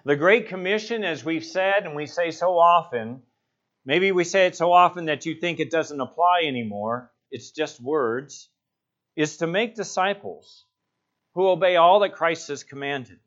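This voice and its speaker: A male pastor preaching a sermon, stressing words hard, rising to loud passionate peaks and dropping to quiet low asides. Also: animated, a little slow, lo-fi sound. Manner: emphatic, builds to loud passionate peaks then drops low.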